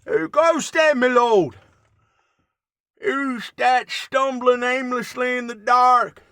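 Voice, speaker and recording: A man voicing a pompous male castle guard who challenges a stranger in a high, theatrical, blustering tone. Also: takes it slowly, a bit bright, clean tone, dry recording, heavily acted. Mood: challenging.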